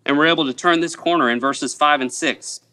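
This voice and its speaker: A male pastor delivers a sermon in a somewhat high, bright and forceful voice. He speaks earnestly, stacking repeated phrases to drive each point home. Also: brisk, clean tone.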